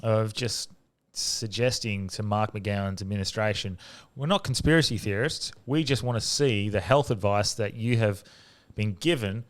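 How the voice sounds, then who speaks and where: A low-voiced Australian man hosts a podcast. He talks casually and haltingly, stopping to restart his sentences and filling the gaps with ums and uhs. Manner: halting, full of fillers and restarts, laughs often. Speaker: podcast host. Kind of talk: casual chat.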